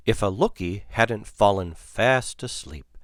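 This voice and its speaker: A man reading a children's picture book aloud in an unhurried, expressive way. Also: on the low side, no room sound, clean studio sound. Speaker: storyteller.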